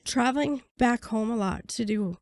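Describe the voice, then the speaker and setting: A woman guest on a podcast, telling her story bluntly and swearing freely, her voice going hoarse. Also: a little high, normal speed, no room sound. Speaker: podcast guest, prisoner advocate. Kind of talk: candid storytelling interview.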